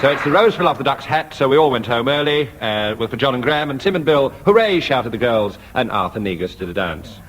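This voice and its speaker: A man chairs a radio comedy panel game in a dry, deadpan manner, reading out rounds and scores with light irony. His voice sits in an ordinary middle pitch. The old broadcast recording carries a faint hiss. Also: quick pace, few pauses. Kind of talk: dry scripted game hosting. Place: radio studio before an audience. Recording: 1970s radio archive.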